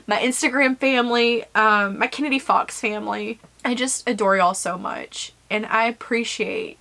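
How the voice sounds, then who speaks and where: A woman's voice: fairly high pitch, moderate pace, gravelly, sharp tone. A young woman, an author talking earnestly and emotionally to her viewers in a rambling casual vlog. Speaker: self-published author and vlogger.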